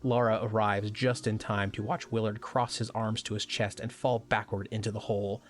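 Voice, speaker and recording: A man co-hosting a podcast, reading a measured, wry scripted recap as the narrator. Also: fairly low pitch, level tone.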